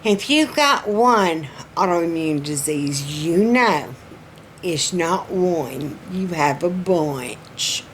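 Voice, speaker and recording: Slow-talking Southern woman, folksy and chatty. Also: fairly low pitch, animated, slight background noise. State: throat strained. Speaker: vlogger. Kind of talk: casual personal update vlog.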